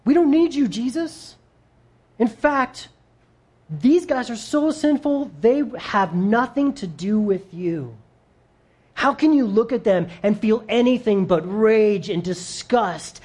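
A preacher acting out a desperate unclean spirit, pleading to be left alone and sneering at the people. The voice climbs higher and pushes louder than his normal speaking voice. It stays a sermon retelling with a theatrical edge. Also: expressive, takes it slowly, heavily acted.

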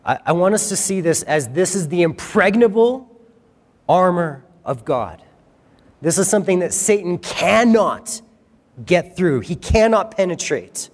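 A man preaching a sermon in a conversational, animated way, acting out quoted voices. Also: sits high, measured pace. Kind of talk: sermon teaching. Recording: reverberant hall.

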